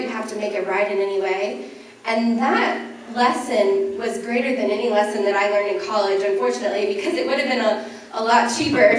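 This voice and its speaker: On stage in an event hall before an audience, a young journalist gives a candid, self-deprecating personal talk, laughing lightly between phrases. Her voice is fairly high, with a little hiss or hum, and the very echoey recording comes from a mic some distance away.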